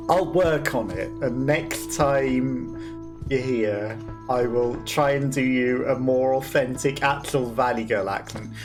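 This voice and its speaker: A woman's voice: rumbling low, animated, extremely slow, long pauses, over music. A Welsh woman streaming a game with casual, self-deprecating commentary and frequent laughter. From Wales. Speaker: let's play streamer.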